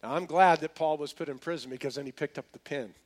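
A male pastor preaches a sermon in a relaxed, slangy storytelling manner, often restarting his words. His voice sits somewhat high for a man. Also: quick pace.

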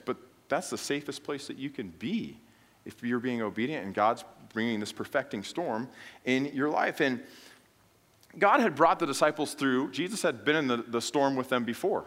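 A man's voice: medium pitch, expressive, normal speed, fairly bright tone. A man preaching a conversational sermon, telling stories in a folksy way with humorous asides. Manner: acts out quoted lines in retellings.

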